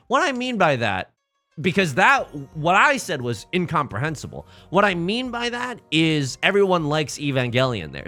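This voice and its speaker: A young man chats through a live game stream at a home desk mic, joking and mocking himself with theatrical flair. His voice is bright and forceful and swings widely in pitch. Soft music plays faintly behind him. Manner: jokey, theatrical and self-mocking.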